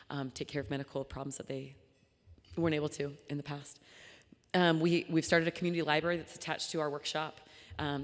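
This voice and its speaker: A young woman with a low voice gives an earnest, conversational talk at a luncheon, hopping between thoughts with plenty of ums and restarts. Her voice rings out with a long reverb tail from a large banquet hall. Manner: earnest and chatty, with frequent fillers and restarts. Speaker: nonprofit founder giving a luncheon talk. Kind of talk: speech to a live audience.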